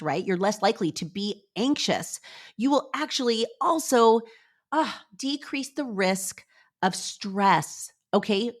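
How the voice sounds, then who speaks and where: A middle-aged woman hosting a motivational solo podcast from her office, upbeat and chatty, talking straight to her listeners. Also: on the low side. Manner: upbeat, chatty, animated, addresses listeners directly. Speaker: podcast host.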